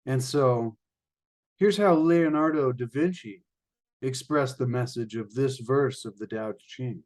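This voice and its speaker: A man reading from a spiritual book and retelling a fable in a casual, rambling way, addressing listeners as ladies and gentlemen. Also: mid-range voice, unhurried. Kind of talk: reading aloud with spoken commentary.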